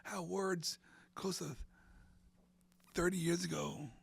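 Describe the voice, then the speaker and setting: A middle-aged man from central Florida takes it slowly as he rambles through an emotional story in an interview, frequently saying "and all of a sudden" and sometimes dropping nearly to a whisper. His voice sits high, creaky and husky, with fairly even intonation.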